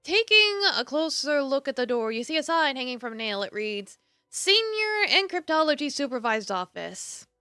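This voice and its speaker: A woman streamer reading a visual novel aloud with expressive narration, broken up by casual asides and laughter. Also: sits high, normal speed, no room sound, clean studio sound, faint music behind.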